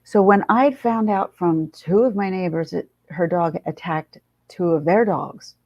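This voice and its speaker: Gravelly low-voiced woman telling a story. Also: unhurried, hardly any pauses, no echo. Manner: blunt, swears freely, animated retelling. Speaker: livestream host. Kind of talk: casual storytelling chat. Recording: dull lo-fi sound.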